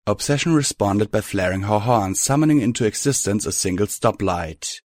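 A man narrating a first-person fan fiction story in a steady audiobook reading. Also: fairly low pitch, normal speed, no room sound, clean studio sound.

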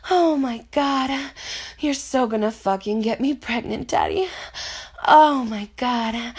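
A woman performing an intimate audio role-play, breathy and moaning, turning soft and hushed in quieter stretches. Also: fairly high pitch, slow pace.

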